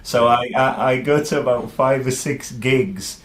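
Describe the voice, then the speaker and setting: A man's voice: mid-range voice, fairly even intonation, measured pace. Friendly male podcast host. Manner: friendly, laughs readily. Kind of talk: casual podcast interview.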